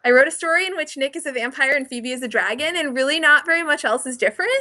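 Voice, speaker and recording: A woman's voice: high voice, fast, a crowd in the background. A woman author chatting as a podcast guest, enthusiastic and rambling with many fillers. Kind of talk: casual interview chat.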